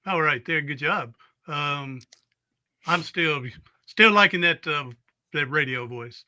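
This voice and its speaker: Southern-drawling podcast host, bright and forceful. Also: male voice, a little high, takes it slowly, no echo, studio quality. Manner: drawling, relaxed, chatty. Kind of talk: casual interview chat.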